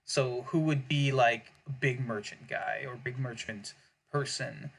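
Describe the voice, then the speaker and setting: A man's voice: mid-range voice, unhurried, creaky. A man co-hosting a tabletop gaming podcast, rambling casually through setting ideas, often repeating himself and laughing. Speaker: podcast co-host. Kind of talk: casual worldbuilding chat.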